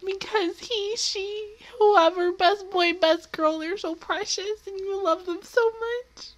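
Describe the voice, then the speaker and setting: A woman's voice: very high voice, fairly even intonation, takes it slowly. A woman hosting an anime reaction video, gushing and squealing over her favorite character, tearful and emotional as she talks. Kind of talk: live reaction commentary.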